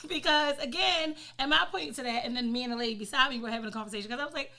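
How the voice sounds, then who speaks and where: A woman on a casual podcast, talking in emphatic, profane, quick bursts. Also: high voice, pushed and bright. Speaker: podcast co-host.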